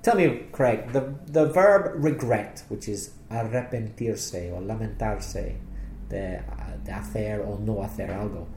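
A British man explains spelling rules like a patient English teacher. His tone is mellow and a bit dark, and the voice rings in an echoey room. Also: fairly low pitch, a little slow, slight background noise.

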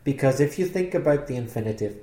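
A man with a British accent, teaching English spelling rules patiently and clearly in a podcast lesson. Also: medium pitch, lively intonation, fast talker, dark tone, reverberant.

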